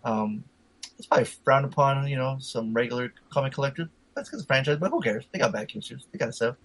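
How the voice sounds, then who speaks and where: Fast-talking husky man swearing freely. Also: mid-range voice, expressive, a bit bright, no room sound, poor audio. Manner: profane, rambling anecdote-telling with many fillers. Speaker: storyteller in a casual chat. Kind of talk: casual chat.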